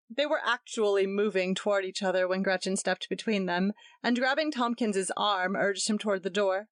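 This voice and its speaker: A woman's voice: medium pitch, steady tone, normal speed, no room sound. A woman narrating a story as an audiobook, reading expressively.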